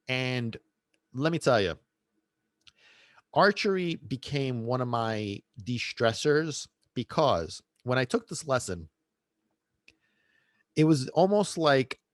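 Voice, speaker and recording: A man's voice: medium pitch, no echo, clean studio sound. A middle-aged man hosting a podcast, telling a casual story in a rambling way with many restarts and asides. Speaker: podcast host and dog trainer.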